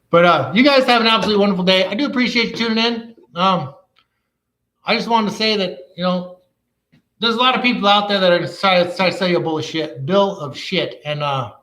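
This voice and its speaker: A man's voice: sits high, a bit bright. A man who reviews cannabis products, ranting bluntly and swearing constantly in casual talk. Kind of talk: casual profane rant. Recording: echoey room.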